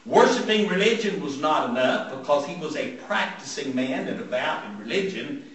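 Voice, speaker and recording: A man preaching a sermon, retelling scripture as a story and driving points home through repetition. His pitch rises and falls in lively swings, and his slightly higher voice carries a heavy echo from a distant mic in a large room. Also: normal speed. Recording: very echoey room, mic far off.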